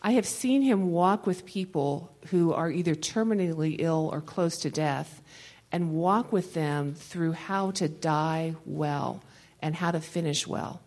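A woman's voice: deep voice, a little slow, darkish tone, rough recording. A woman leading a Christian conference session, talking in a rambling, conversational way and laughing often between thoughts. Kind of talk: conversational teaching talk to a live audience.

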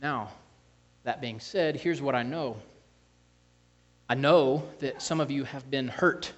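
A man's voice: medium pitch, slow, highs cut off. A man preaching a sermon as pastor, earnest, with frequent restarts and scripture reading.

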